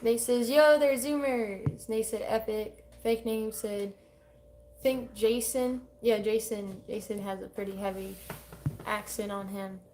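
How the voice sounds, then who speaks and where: A woman in her twenties with a slightly high voice, co-hosting a casual livestream. She reads viewer comments aloud and chats about them in a loose, easygoing way. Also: fairly even intonation, unhurried, darkish tone, slight background noise. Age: 20s. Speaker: livestream co-host reading chat.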